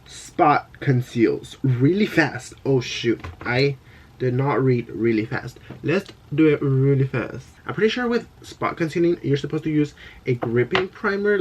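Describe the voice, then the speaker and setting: A man's voice: mid-range voice, animated, normal speed, slight background noise. A young man vlogging casually at home about makeup, chatty and bubbly, drifting into tangents. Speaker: beauty vlogger. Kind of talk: casual vlog chat.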